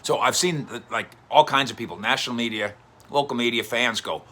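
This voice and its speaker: A man in his fifties talks to camera as a sports columnist, telling his story in a chatty, animated way. His voice sounds bright and forceful, at an average pitch. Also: brisk. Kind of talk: casual commentary to camera.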